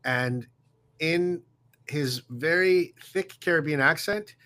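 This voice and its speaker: Bright-voiced man telling a story. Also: fairly high pitch. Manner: warm, reflective, halting with fillers. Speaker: guest. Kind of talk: casual storytelling.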